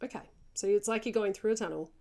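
With a warm, gravelly voice of medium pitch, a woman co-hosts a podcast at a quick pace, reading listener stories and dissolving into frequent giggles. She's chatty and tends to digress.

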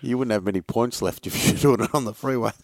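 A man hosting a sports podcast, leading the topics in a relaxed conversational way. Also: mid-range voice, fast, dry recording, clean studio sound. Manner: conversational, leads the segments. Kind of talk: casual sports chat.

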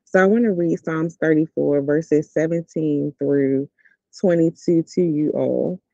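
Gravelly, dark-voiced man giving a devotional. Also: on the high side, unhurried, no echo. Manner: earnest and encouraging, repeats key words. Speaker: podcast host. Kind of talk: devotional scripture reflection. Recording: dull lo-fi recording.

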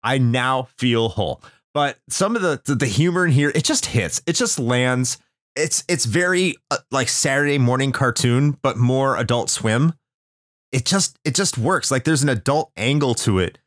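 A man's voice: mid-range voice, animated, moderate pace, a bit bright, no echo, clean studio sound. A man hosting a podcast, chatting casually and enthusiastically about a game, often repeating words as he gets going. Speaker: podcast host. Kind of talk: casual chat.

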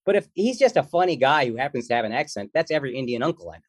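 A male comedian guest talks in an animated, joking and slangy way. His voice sits at a middle pitch. The sound is close and dry, with no room around it. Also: racing, slightly rough, dry recording. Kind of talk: casual interview chat.

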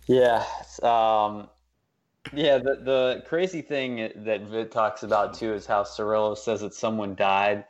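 A man's voice: fairly low pitch, steady tone, a little slow, lo-fi sound. A man co-hosting a casual sports podcast, talking loosely with lots of fillers and restarts. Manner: loose, rambling, frequent fillers. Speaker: podcast co-host.

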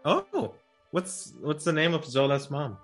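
Male player, casual and inquisitive, animated delivery, a bit higher-pitched. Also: a little slow, soft background music. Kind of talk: casual tabletop play.

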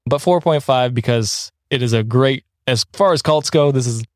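A man's voice: medium pitch, moderate pace, no echo, studio quality. A man hosting a podcast, talking casually and rambling a little, often correcting himself and laughing along the way. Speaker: podcast host.

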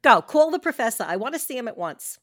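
A woman's voice: lowish voice, sing-song, moderate pace, no echo, studio quality. A woman doing an urgent, earnest young wife.

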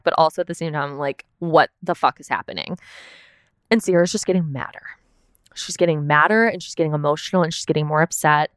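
This young woman's voice sits low and sounds smooth and clear. She chats loosely, keeps saying "like" and swears now and then. It is close and dry, with no room sound. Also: a bit bright, no room sound. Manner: chatty, peppered with "like", swearing. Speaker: podcast host. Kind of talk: casual recap chat.

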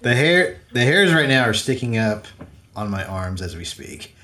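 Lively-pitched man in an echoey room. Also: normal speed. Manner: hesitant, restarts often. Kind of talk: casual chat.

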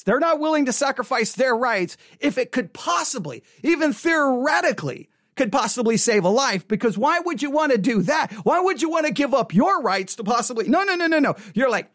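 A man's voice: very high voice, sing-song, a little fast, few pauses, fairly bright tone, no room sound, studio quality. A man giving an impassioned opinion monologue, mockingly repeating slogans over and over. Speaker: commentator.

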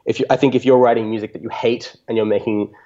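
A man's voice: medium pitch, steady tone, quick pace, mellow, highs cut off. A man being interviewed on a podcast, answering reflectively with many ums and restarts. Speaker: music podcaster, guest.

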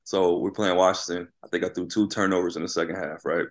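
A man who played college basketball and now coaches high school, telling stories in a casual interview, animated and always checking in with "right?". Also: fast. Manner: animated storyteller, keeps asking "right?".

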